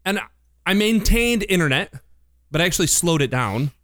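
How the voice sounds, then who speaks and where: A man's voice: high voice, expressive, moderate pace, fairly bright tone, dry recording, clean studio sound. A man co-hosting a radio show, chatting casually on air with playful, teasing banter.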